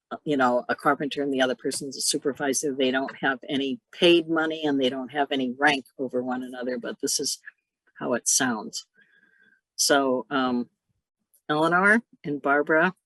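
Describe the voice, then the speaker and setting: Woman instructor for a video-call workshop, bright crisp tone, dry close sound, explains with stories. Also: deep voice, dry recording, low-quality recording. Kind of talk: online workshop teaching.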